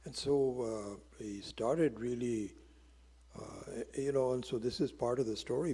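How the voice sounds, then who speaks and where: A man with a very husky, breathy voice tells a teaching story. His tone is dark and mellow, and he sits on the lower side. He often drops into whispered asides, and his voice trails in a long reverb. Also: a little slow. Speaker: spiritual teacher. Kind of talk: storytelling lecture.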